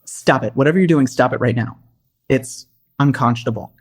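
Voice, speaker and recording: Husky and medium-pitched, this podcast co-host talks a little fast in a casual chat, launching into sarcastic rants with a wry, theatrical flair.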